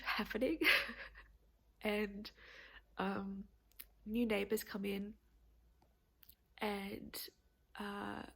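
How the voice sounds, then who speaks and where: A woman's voice: mid-range voice, vocal fry, darkish tone. A young woman vlogging in a rambling, chatty way with laughs, teary and close to crying. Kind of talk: casual chatty vlog.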